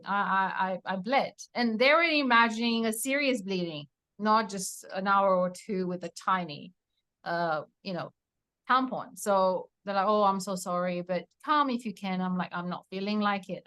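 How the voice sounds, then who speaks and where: A woman recounting her own patient story in an interview, animated and acting out the dialogue with frequent laughter. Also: mid-range voice, smooth. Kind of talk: emotional personal testimony in an interview.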